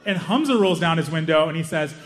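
Young male comic, story-driven set, animated and self-deprecating, slightly high voice. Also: in a large hall. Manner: animated, self-mocking, quick asides. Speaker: stand-up comedian. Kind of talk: stand-up storytelling.

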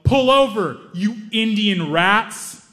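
A man playing an aggressive, angry stranger who yells. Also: high voice, expressive, slow pace, pitched above the performer's own voice, heavily acted. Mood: hostile.

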